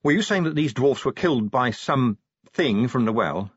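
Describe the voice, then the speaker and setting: A man voicing a gruff, prickly female werewolf sergeant who talks bluntly and curtly. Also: mid-range voice, expressive, moderate pace, dry recording. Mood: brusque. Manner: blunt and curt. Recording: dull lo-fi recording.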